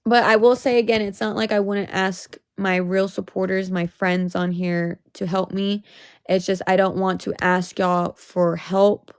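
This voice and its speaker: A woman's voice: mid-range voice, level tone, a little slow, clear, resonant tone, no echo, clean studio sound. A young woman venting on a casual livestream, emotional and swearing, rising into exasperated outbursts.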